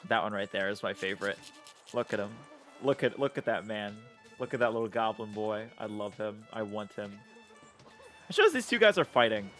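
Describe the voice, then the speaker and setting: A man's voice: on the low side, steady tone, fairly quick, faint music behind. A young man streaming a game, chatting casually and playfully, swearing often.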